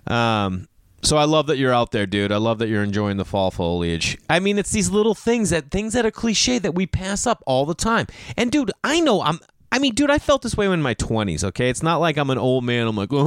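A man in his thirties from Boston, talking casually as a host answering a listener, jumping into excited outbursts. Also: no room sound, studio quality. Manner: animated, swings pitch into excited outbursts. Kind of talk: casual rambling monologue.

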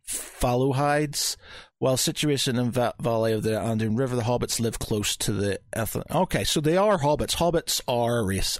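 A man's voice: medium pitch, dry recording, clean studio sound. A man co-hosting a podcast in casual chat, rambling and restarting as he looks things up aloud. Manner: rambling, many restarts while reading aloud. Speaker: podcast co-host.

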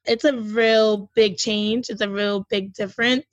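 A woman's voice: mid-range voice, steady tone, measured pace, no room sound, dull audio. A woman from the United States, a store manager, talking to the host in a friendly, positive way with some hesitant fillers. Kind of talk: casual interview talk.

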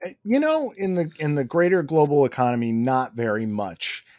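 A man's voice: on the high side, lively intonation, moderate pace, darkish tone, no room sound. A man co-hosting a podcast in casual chat, answering with wry, dry short quips. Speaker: podcast co-host.

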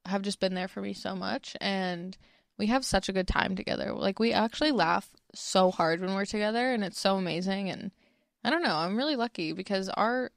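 A woman's voice: medium pitch, a little fast, creaky, dry recording, studio quality. A young woman co-hosting a podcast in casual chat, chatty and self-conscious, full of "like". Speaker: podcast co-host.

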